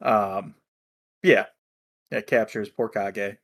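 A man's voice: on the low side, fairly even intonation, slow, fairly bright tone. A man co-hosting a casual chat, recapping episodes in an easygoing way and acting out characters' lines. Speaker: podcast co-host.

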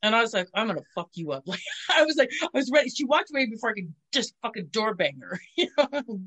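A woman in casual chat, telling crude, animated stories and acting out what people said. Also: on the high side, quick pace. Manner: crude, animated storytelling with voiced quotes.

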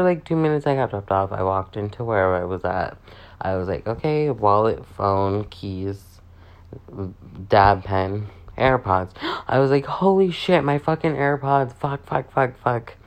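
Slow-talking, sassy young man ranting. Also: on the low side. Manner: chatty, profane, sassy. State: sore voice. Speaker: vlogger. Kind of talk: casual vlog rant.

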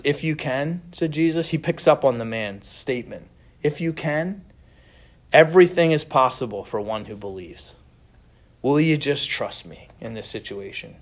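A middle-aged man preaching a sermon as pastor, earnest and conversational, with gentle laughs between thoughts. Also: mid-range voice.

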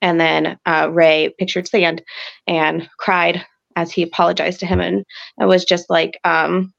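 A woman's voice: on the low side, flat delivery, measured pace, vocal fry, fairly bright tone, highs cut off. A woman hosting a podcast, recapping an episode in a chatty, rambling way full of fillers. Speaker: podcast host.

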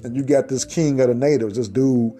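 A man's voice: mid-range voice, fairly even intonation, brisk, warm tone, faint music behind. A man telling a crude comedy story on a podcast, using loose slang and swearing, and laughing at his own jokes.

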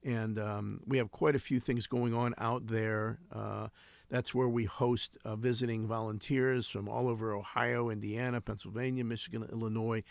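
With a fairly low pitch and flat delivery, a man in his sixties recounts stories as a guest in a conversational interview about his homeless ministry, which he founded. He talks at normal speed with vocal fry, no room sound, and an earnest, reflective tone full of restarts.

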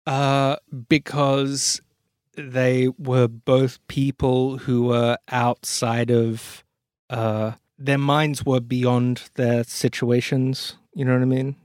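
A man's voice: mid-range voice, level tone, takes it slowly, a little mellow, dry recording, studio quality. Rambling man chatting about a film. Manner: rambling, restarts often, says "you know what I mean". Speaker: podcast co-host. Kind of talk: casual film discussion.

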